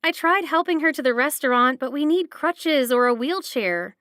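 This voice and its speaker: A woman's voice: high-pitched, lively intonation, normal speed, fairly bright tone, no echo, studio quality. A woman voicing an eager, cheerful teenage girl, raising her voice above her narration.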